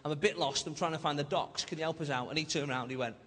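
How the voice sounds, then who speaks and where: A man's voice: on the high side, rapid-fire, heavy background noise. A young man with a Manchester accent doing a stand-up set, chatty and cheeky as he banters with the crowd. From Manchester, England. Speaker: stand-up comedian. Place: large theatre stage. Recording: echoey live theatre with loud crowd laughter. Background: audience laughter and applause.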